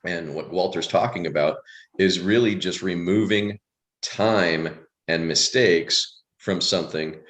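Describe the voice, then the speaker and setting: A man co-coaching on a live video call, calmly explaining his approach in a measured way. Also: sits low. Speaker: co-coach and guest. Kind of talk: conversational business talk.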